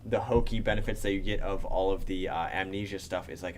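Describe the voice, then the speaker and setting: A man's voice: low-pitched, steady tone, fast talker, few pauses, slight background noise. A man co-hosting a casual comics chat on a live stream, rambling with lots of fillers and dry jokes. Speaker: co-host.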